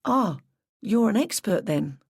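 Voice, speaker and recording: Narrator as an eager young cop, interested, upbeat questions, dry close read. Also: male voice, high voice, animated, moderate pace, no echo, voice pushed up. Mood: keen. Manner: keen, interested tone. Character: keen young male police officer.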